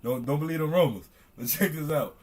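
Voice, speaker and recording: Excitable young man, high voice. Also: brisk. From Chicago. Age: young adult. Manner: loud, excitable, slangy, repeats himself. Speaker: streamer reacting to a video. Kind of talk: casual reaction commentary.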